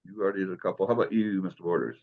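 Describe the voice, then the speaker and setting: Low-voiced man teaching a class. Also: rapid-fire, narrow, tinny audio. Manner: patient, explains step by step. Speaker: Greek teacher. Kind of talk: classroom lesson.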